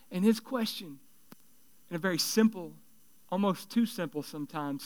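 High-voiced, smooth-toned male pastor preaching. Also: normal speed, no echo. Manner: conversational preaching with rhetorical questions. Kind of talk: sermon.

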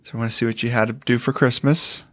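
A man's voice: mid-range voice, flat delivery, quick pace, a bit bright, dry recording. A middle-aged man co-hosting a podcast in casual, wry chat. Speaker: podcast co-host.

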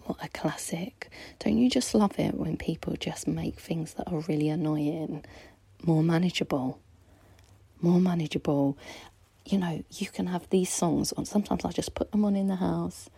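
A woman in her thirties chatting between songs as a home radio DJ, excitable and often dropping into soft half-whispers. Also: lowish voice, moderate pace, creaky, husky, dry recording. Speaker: mum hosting a home radio mixtape. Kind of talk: casual chat between songs. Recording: dry close recording with faint music behind.

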